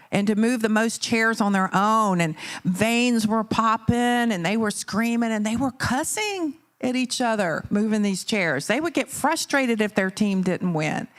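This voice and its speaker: Woman, middle-aged, motivational speaker, animated storytelling, rhetorical questions, mid-range pitch. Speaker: keynote speaker. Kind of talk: motivational talk to a live audience. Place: conference venue.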